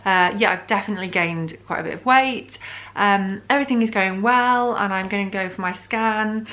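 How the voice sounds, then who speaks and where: Woman, from the UK, thirties, casual vlog chat, rambling, lots of fillers, mid pitch. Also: moderate pace, fairly bright tone. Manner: chatty, rambling with many fillers and restarts. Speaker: vlogger. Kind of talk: casual pregnancy update vlog.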